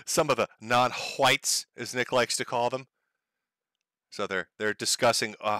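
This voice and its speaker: A man's voice: medium pitch, steady tone, measured pace, pauses often, sharp tone, no echo. A man hosting a stream, giving sarcastic, profane commentary on a video clip. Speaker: stream host.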